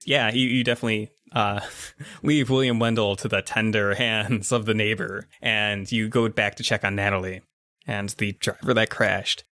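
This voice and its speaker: A man's voice: lowish voice, steady tone, moderate pace, bright, forceful tone, no echo, studio quality. A man narrating as game master of a tabletop game, casually describing the scene panel by panel.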